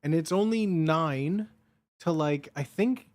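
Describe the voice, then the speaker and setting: A young man livestreaming from home and chatting casually with his viewers. He rambles excitably and swears freely. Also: on the high side, slow pace, no echo. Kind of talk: casual stream chat.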